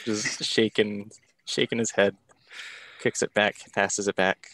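A man playing a tabletop role-playing game, deadpan and exasperated. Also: fairly low pitch, slow, low-quality recording. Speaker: player. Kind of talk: casual tabletop play.

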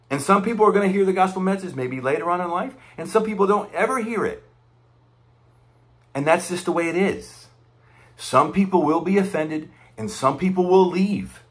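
A man giving impassioned, conversational preaching commentary, repeating his points with emphasis. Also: on the high side. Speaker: online preacher commenting on church news.

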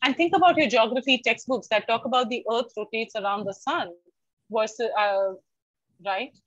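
A woman with an Indian English accent giving an online university lecture, lively and expressive, slipping into Hindi for everyday examples. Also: a little high, moderate pace, no room sound. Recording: dry, dull lo-fi online call.

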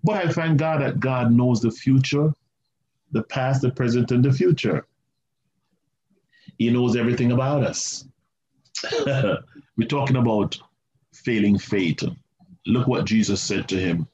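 A male pastor preaching a sermon, animated and repetitive, with asides to the congregation. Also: medium pitch, measured pace, pauses often. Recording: roomy, slightly muffled church recording.

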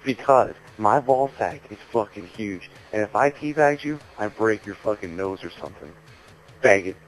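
A man's voice: on the low side, animated, normal speed, poor audio. A man leaving crude, taunting voice messages over a game headset. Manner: crude taunting, mock-soft drawl.

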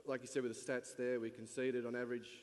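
A man, a head coach, answering on stage in a measured, candid way with frequent fillers. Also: medium pitch, flat delivery. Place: large function hall at a lunch event. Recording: long reverb in a big hall.

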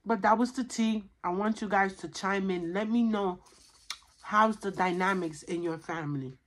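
Husky-voiced woman chatting over a meal. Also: mid-range voice, moderate pace. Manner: chatty, talks between bites with frequent "you know". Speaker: mukbang vlogger. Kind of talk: casual chat while eating.

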